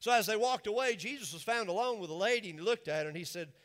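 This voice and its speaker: High, bright-voiced preacher in a reverberant hall. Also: male voice, fast talker. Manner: emphatic, repetitive preaching cadence. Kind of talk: sermon. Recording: long reverb of a large hall.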